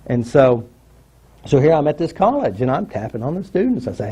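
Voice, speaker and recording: A man's voice: on the high side, big pitch swings, a little fast, warm tone, slightly rough. A man telling a personal story to an audience, acting out what people said and asking the audience questions. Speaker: workshop speaker.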